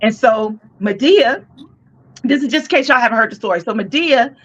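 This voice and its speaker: A woman co-hosting a podcast, telling a story with lively, cursing slang. Her voice sits fairly high. The recording is dull and lo-fi. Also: moderate pace. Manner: animated, profane, slangy retelling. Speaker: podcast co-host. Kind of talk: casual storytelling.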